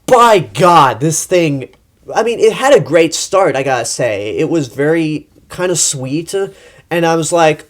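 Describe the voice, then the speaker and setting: A man's voice: on the high side, lively intonation, measured pace, a bit bright. A young man from Texas giving a blunt, exasperated movie review monologue and swearing freely. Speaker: film critic.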